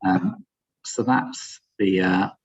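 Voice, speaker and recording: A man hosting a webinar, giving housekeeping notes in a halting way full of ums and uhs, over a video call. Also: deep voice, fairly even intonation, slightly rough. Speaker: webinar host. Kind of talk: housekeeping announcements. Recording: dull lo-fi video call audio.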